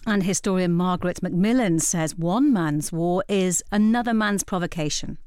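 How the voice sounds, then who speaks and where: A female radio news presenter introduces items and puts questions in a crisp, businesslike way. Her voice sits on the low side for a woman. The sound is dry and close. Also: normal speed, a little mellow, no echo.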